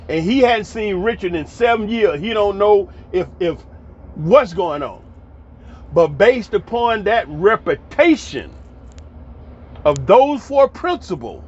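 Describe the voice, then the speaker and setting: Man in his fifties, folksy and rambling storyteller, slightly high voice, muffled recording. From Atlanta, Georgia, US. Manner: folksy, rambling, repeats words when he restarts. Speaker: storyteller vlogger. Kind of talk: casual storytelling monologue. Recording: dull lo-fi audio with faint background noise.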